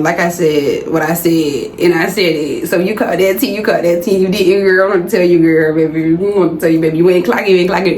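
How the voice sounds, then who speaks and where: A woman's voice: fairly low pitch, a little mellow. A young woman with a Southern American accent, chatting casually to her viewers in a vlog and calling them y'all. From Southern United States. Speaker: vlogger. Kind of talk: casual chit-chat vlog. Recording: roomy home recording with faint background noise.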